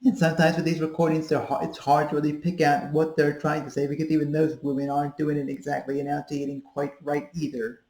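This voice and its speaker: A woman's voice: deep voice, flat delivery, fast talker, few pauses, dark tone. A woman in her thirties giving a casual voice-training tutorial, rambling with fillers as she demonstrates sounds. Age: 30s. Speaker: voice coach. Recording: echoey room.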